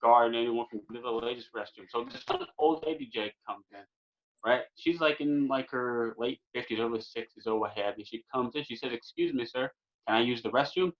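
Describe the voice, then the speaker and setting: A young man from California, a podcast guest, telling a long funny story in a casual, animated way, full of fillers like "man" and "or what have you". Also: mid-range voice, normal speed. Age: young adult. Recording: dull lo-fi podcast audio.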